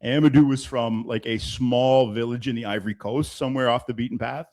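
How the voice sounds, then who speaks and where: A man hosting a casual podcast, telling stories in a loose, animated way. His voice sits at a middle pitch. He laughs and swears easily. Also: fairly quick, poor audio. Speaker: podcast host. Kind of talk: casual storytelling chat. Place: Toronto.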